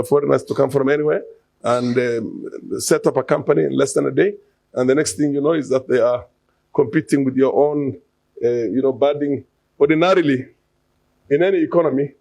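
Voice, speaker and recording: Gravelly man explaining with many pauses. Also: mid-range voice, warm tone, no echo. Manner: hesitant, many fillers and restarts; explanatory, lists figures and examples. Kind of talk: unscripted political commentary.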